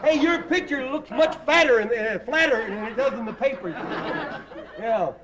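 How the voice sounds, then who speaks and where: Simple country bumpkin, high and bouncy, over loud studio laughter on old TV sound. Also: male voice, expressive, crowd noise. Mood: goofy. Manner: slow, goofy, rambling comic delivery. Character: dim-witted simple country bumpkin man. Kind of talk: 1960s TV sketch comedy before a live audience. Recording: noisy old TV broadcast with loud audience laughter. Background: studio audience laughing.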